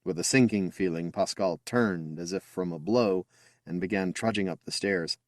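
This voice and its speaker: A man's voice: low-pitched, normal speed, no echo, studio quality. A man reading a science fiction story aloud as an audiobook narrator, telling it expressively. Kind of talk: scripted narration.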